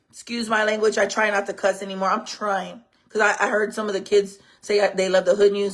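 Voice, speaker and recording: A woman's voice: mid-range voice, little pitch movement, a little fast, few pauses. A woman hosting a casual commentary show, talking brashly and profanely with frequent laughter and slangy speech. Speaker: show host.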